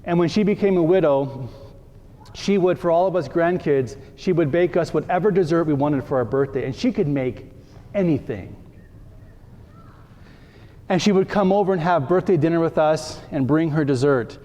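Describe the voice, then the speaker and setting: A man's voice: fairly high pitch, moderate pace, mellow, lo-fi sound. A male priest giving a conversational sermon, acting out short everyday dialogues for his congregation. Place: church. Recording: reverberant church hall.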